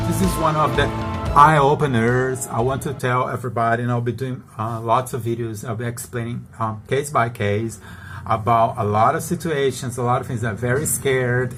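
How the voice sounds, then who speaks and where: A man's voice: medium pitch, fairly bright tone. A middle-aged man, an international salesman, telling stories in a casual, chatty monologue, often checking in with the listener and laughing between points.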